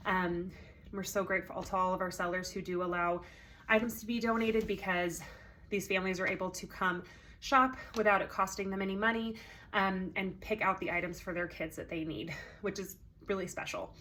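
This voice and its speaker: A woman's voice: mid-range voice, fairly even intonation, moderate pace, pushed and bright, a little hiss or hum. A woman organizing a consignment sale, talking casually to sellers, with many ums, a little congested and out of breath. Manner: chatty, friendly, many ums.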